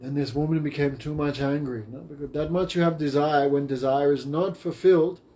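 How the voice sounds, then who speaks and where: A man's voice: on the high side, steady tone, a little fast, warm tone. A man teaching a class, retelling a story in simple, short phrases.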